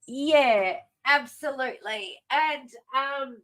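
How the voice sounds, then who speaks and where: Woman in her 30s, livestream host; brightish, slightly high voice; chatty, rambling, quick to laugh. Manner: rambling, self-interrupting, laughs often. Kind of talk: casual livestream chat.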